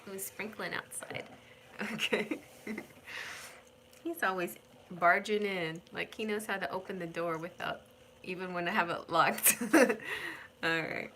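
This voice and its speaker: Woman, middle-aged, unhurried, bright tone, chatty tarot reader, faint ambience. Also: on the low side, steady tone, slight background noise. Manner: chatty, rambling, sings names, talks to her cat. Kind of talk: live-stream tarot reading.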